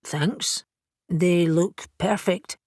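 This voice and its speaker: A woman's voice: fairly low pitch, very slow, a little mellow, dry recording. A woman voicing a weary, practical male wolf shifter, matter-of-fact and dry.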